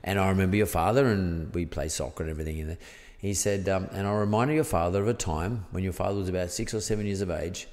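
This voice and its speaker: A man's voice: deep voice, fast, few pauses, a little mellow, long reverb tail. An Australian man, a podcast guest, telling a story in a rambling, casual way full of fillers. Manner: rambling, peppered with "blah, blah, blah" and fillers.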